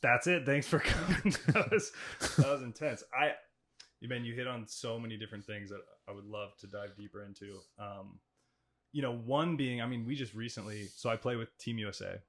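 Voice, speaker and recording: A young man hosts a casual podcast chat, his voice sitting a little low. He rambles, circling back with plenty of fillers and restarts as he works toward his point. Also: fairly bright tone. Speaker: podcast host, athlete. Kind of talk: casual conversation.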